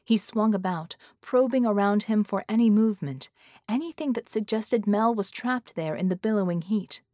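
This is scripted audiobook narration by a woman with a medium-pitched voice. She tells the story at a steady, measured pace, and the studio sound is clean with no echo.

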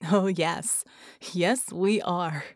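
A woman's voice: lowish voice, drawn-out words, dry recording, studio quality. A woman voicing a cocky, self-assured magical heroine who taunts her foe smugly. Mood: taunting. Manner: taunting, smug.

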